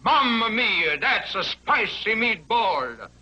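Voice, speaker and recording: A man's voice: high voice, very animated, slow, heavily acted. A man playing a hammy actor with an exaggerated comic Italian accent in a vintage TV commercial. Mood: exclaiming. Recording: noisy old TV commercial audio.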